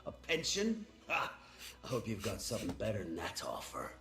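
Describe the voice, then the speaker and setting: A rough-talking pirate boss, scoffing and hard-bargaining, his pitch swinging up and down. The game voice has an echoey ring to it. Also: wildly swooping pitch, fairly quick, a bit bright, exaggerated voice. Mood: gruff bargaining. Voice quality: rough, dialect-heavy. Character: gruff haggling male pirate boss.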